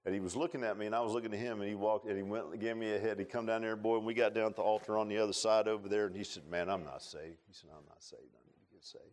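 A man preaching a sermon in a church, telling stories in a folksy way and swinging between loud rises and quiet low passages. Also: steady tone, very fast, hardly any pauses. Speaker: pastor. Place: church sanctuary.

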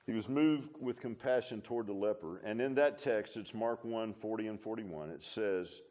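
Male pastor, middle-aged, low voice, chatty folksy sermon delivery. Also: moderate pace, darkish tone. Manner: folksy, conversational preaching with asides.

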